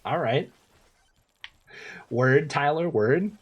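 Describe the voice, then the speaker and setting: A young man streaming a game, chatting casually with viewers in relaxed slang, repeating phrases and laughing often. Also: a little high, extremely slow, slightly rough, lo-fi sound. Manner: laid-back slang, lots of laughing and repeating himself. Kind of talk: casual gameplay streaming, reading chat.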